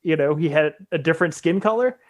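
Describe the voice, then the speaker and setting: Hesitant higher-voiced podcast co-host man. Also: animated. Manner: halting, hedging, thinks aloud with restarts. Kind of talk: casual chat.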